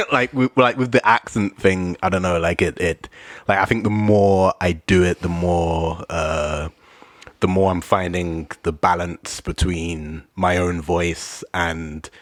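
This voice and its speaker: A man from the UK, a guest rapper in casual interview chat, laid-back and self-deprecating, laughing a lot and trailing off quietly. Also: low-pitched, fairly even intonation, takes it slowly, no room sound.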